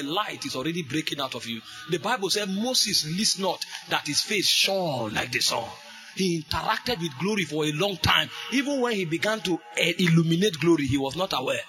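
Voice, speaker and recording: A man preaching a fervent sermon, repeating phrases and breaking into shouts. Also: fairly high pitch, lively intonation, a little fast, soft background music. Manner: fervent, repetitive, bursts into shouts.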